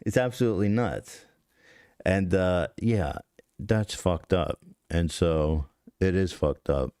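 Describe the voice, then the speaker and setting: A man's voice: low voice, slow, darkish tone, smooth, dry recording, studio quality. A man in his thirties hosting a podcast, telling a story in a rambling, profane, self-interrupting way. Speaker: podcast host. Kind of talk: casual confessional storytelling.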